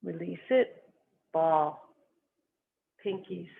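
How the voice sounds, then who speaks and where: A qigong instructor calmly guiding students step by step through slow movement and stretching exercises. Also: medium pitch, gravelly. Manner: calm, gently instructive, cueing each movement. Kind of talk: guided movement lesson. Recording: tinny phone-like sound.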